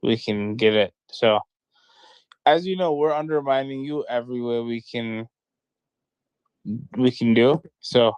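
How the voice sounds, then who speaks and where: A male caller with a smooth, resonant voice heard dry and close up. He talks in a sarcastic, mock-cheerful way, as if he is trolling the host. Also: mid-range voice, measured pace, long pauses, a little mellow, no echo, highs cut off. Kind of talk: casual call-in chat.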